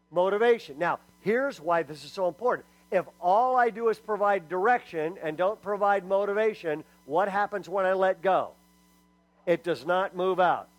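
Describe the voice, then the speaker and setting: A middle-aged man giving a lively sermon-style talk to parents. He is emphatic and humorous, and keeps asking the audience "okay?" after each point. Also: high-pitched, no room sound, poor audio. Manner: humorous storyteller. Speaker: speaker at a church parenting talk.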